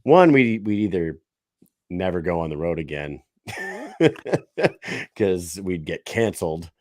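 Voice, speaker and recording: A man's voice: low-pitched, animated, slow, no echo, studio quality. A man co-hosting a podcast, chatting casually with laughs and swearing. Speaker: podcast co-host. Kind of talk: casual chat.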